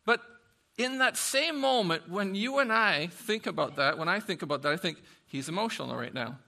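A man preaching a sermon in an animated, conversational way, swinging from soft asides to loud bursts. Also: sits high, moderate pace, gravelly. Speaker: pastor.

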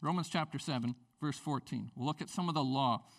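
A male pastor giving a sermon, lively and joking, mixing scripture with personal stories. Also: medium pitch, brisk.

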